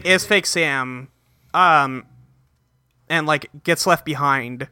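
A man's voice: a little high, slow pace, pushed and bright, clear, resonant tone, no room sound. A man recapping a cartoon episode in casual, profane, joking podcast chat, rambling with fillers, on a close mic. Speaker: podcast co-host.

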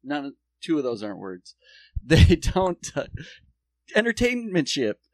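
A man's voice: on the high side, wildly swooping pitch, a little slow, a little mellow, no room sound, clean studio sound. A man co-hosting a podcast, chatting casually and dropping wry, sarcastic asides. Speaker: podcast co-host. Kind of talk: casual chat.

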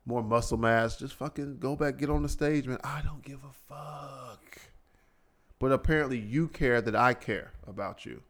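Male podcast host, profane exasperated solo rant with mocking impressions, ordinary mid pitch. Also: normal speed, fairly bright tone.

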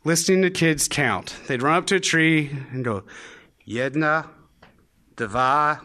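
Speaking at a normal pace in a slightly high, animated, pushed and bright voice, a young man shares a comic personal story before a live audience on stage. He plays the dialogue out as he quotes it, with a wry, self-deprecating edge.

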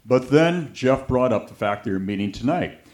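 In a mid-range voice at a moderate pace, a man preaches, narrating lively anecdotes and voicing the characters he quotes.

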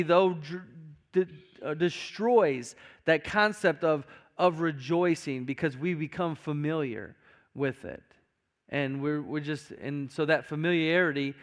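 In a church sanctuary, a male pastor with a slightly high, somewhat bright voice preaches a sermon to his congregation. He's emphatic, repeating himself often and stammering through restarts.

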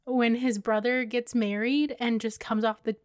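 A woman's voice: fairly high pitch, steady tone, normal speed, no room sound, clean studio sound. A woman co-hosting a casual movie podcast, enthusiastic and playfully argumentative. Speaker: podcast co-host. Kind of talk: casual movie-review chat.

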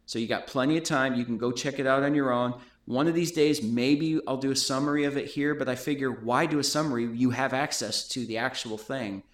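Male host, mid pitch, earnest casual teacher, echoey room sound. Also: a little fast, hardly any pauses. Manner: earnest, explanatory, digresses. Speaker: host of a Bible study talk.

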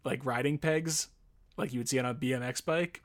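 A man's voice: medium pitch, a little fast. A man telling a rambling story in casual chat, swearing freely and acting out the people in it with laughs. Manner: animated storyteller, swears, acts out voices with laughs. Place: Los Angeles area.

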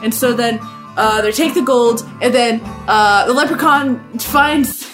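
A woman's voice: a little high, unhurried, over music. Profane, rambling Irish woman. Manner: rambling, profane, laughing storyteller. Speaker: podcast co-host. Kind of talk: casual chat, movie recap.

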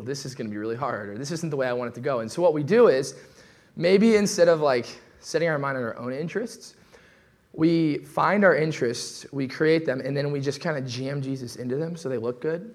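Man preaching in a casual, chatty way. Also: medium pitch. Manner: casual conversational preaching, lively with asides. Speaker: pastor. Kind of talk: sermon.

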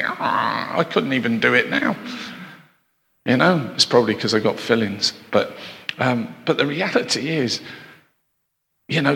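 A man's voice: fairly high pitch, vocal fry, fairly bright tone. A man preaching a sermon, chatty, with asides and rhetorical questions to his congregation. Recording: long hall reverb.

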